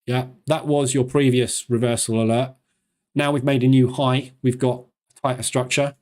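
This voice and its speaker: A man hosting a live trading stream, talking fast in a chatty, loose way with plenty of fillers. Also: mid-range voice, flat delivery, a little mellow.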